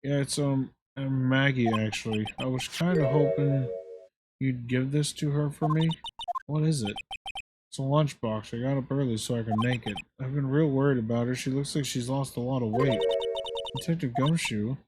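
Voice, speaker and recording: A man's voice: mid-range voice, fairly even intonation, normal speed, close to an everyday voice, rough recording. A man voicing a friendly, clumsy police detective who talks in a folksy, rambling way. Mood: bashful. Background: loud game music.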